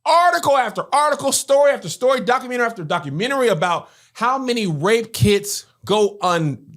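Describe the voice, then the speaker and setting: A woman's voice: a little high, animated, fairly quick. A woman podcast host in casual discussion, arguing her points with rhetorical questions. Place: podcast studio.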